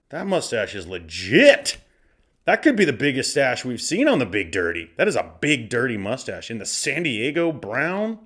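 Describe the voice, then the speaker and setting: A man's voice: fairly high pitch, big pitch swings, normal speed, a bit bright, husky. A man in his forties from Arizona hosting a podcast, riffing through a box of cards in a joking, profane, casual way. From Arizona, USA. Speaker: podcast host. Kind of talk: casual comedic card-opening commentary.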